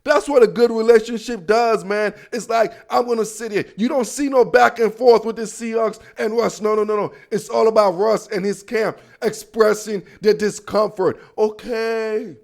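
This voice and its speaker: A young man with a notably high voice hosts a football podcast. He riffs in a loose, playful, slangy manner and talks straight to his listeners. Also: fairly even intonation, moderate pace, creaky, hardly any pauses. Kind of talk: casual sports commentary.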